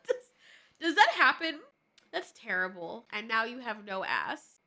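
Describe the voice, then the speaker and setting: Excitable high-voiced woman breaking down a trailer. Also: a little slow. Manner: excitable, jokey, profane. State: stuffy nose. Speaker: trailer reviewer. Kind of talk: casual trailer analysis.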